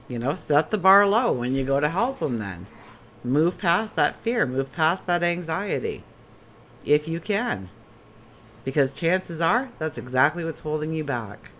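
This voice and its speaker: A woman gives a relaxed daily tarot reading, chatting and asking question after question. Her pitch moves a lot as she talks. A faint hum of room noise sits behind her. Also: a little slow. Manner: chatty, asks many rhetorical questions. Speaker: tarot reader.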